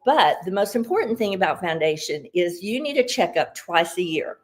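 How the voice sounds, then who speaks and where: A woman's voice: medium pitch, big pitch swings, fairly quick. Woman, beauty consultant, casual tutorial, chatty, upbeat, slightly out of breath. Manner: upbeat, chatty, explains step by step. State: a little out of breath.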